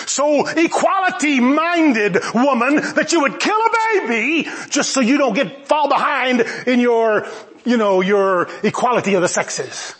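Male preacher, high-pitched, animated and emphatic, sermon delivery with playful asides. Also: unhurried.

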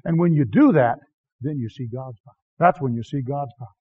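A man preaching a sermon as a missionary preacher, swinging from shouting to hushed tones and chuckling often. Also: medium pitch, brisk. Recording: dull lo-fi recording.

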